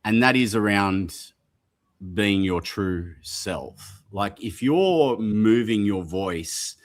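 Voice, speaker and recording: A man's voice: lowish voice, animated, takes it slowly. A man hosting an interview, asking questions in a reflective, conversational way. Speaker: host.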